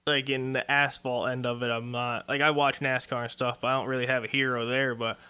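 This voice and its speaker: A man in his twenties, a race car driver, answering questions in a relaxed, rambling way on a radio interview. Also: medium pitch, brisk, clear, resonant tone. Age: 20s. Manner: easygoing, rambling with fillers. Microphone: studio microphone.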